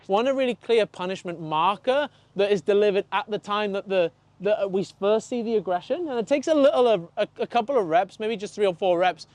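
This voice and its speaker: High-voiced swearing dog trainer. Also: male voice, dry recording. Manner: swears freely, acts out dogs and owners in animated voices. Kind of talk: casual consultation.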